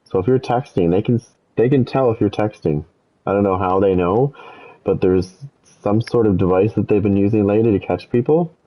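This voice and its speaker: The voice is on the low side and a little fast, captured in lo-fi sound. A gaming streamer rambles through a story to his viewers as he plays, swearing freely and turning animated when quoting what he said.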